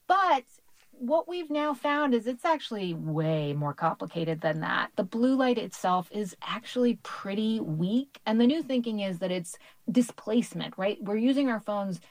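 A woman's voice: fairly high pitch, big pitch swings, unhurried, no room sound. A woman author answering radio interview questions, explaining research in an upbeat, explanatory way with light laughs. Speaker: author guest.

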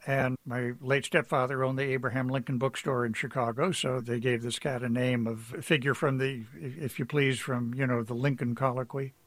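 A man's voice: medium pitch, flat delivery, normal speed, few pauses, no room sound. A man being interviewed on the radio as an author, telling stories in a reflective, anecdotal way. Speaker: author guest.

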